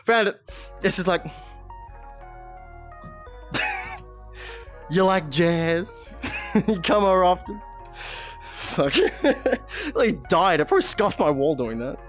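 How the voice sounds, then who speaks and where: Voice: mid-range voice, sing-song, slow pace, pauses often, fairly bright tone, soft background music. A streamer chatting casually during a VR game, giggling a lot and swearing often, speaking into a headset mic. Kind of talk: casual live-stream chat while playing a VR game.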